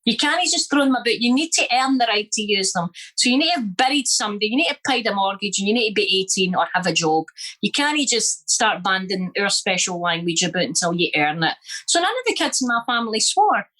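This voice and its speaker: A woman's voice: mid-range voice, animated, fairly quick, bright, forceful tone, low-quality recording. A middle-aged Scottish woman comedian telling stories bluntly and swearing freely in a casual interview. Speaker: comedian, guest.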